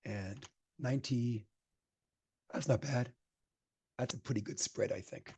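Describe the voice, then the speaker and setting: A man leads a programming lecture, coding live and talking through each step as he types. His voice is husky and mellow, at an ordinary middle pitch. He grows emphatic when he hands out advice. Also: a little slow. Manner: chatty, thinks aloud while typing code. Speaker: programming instructor.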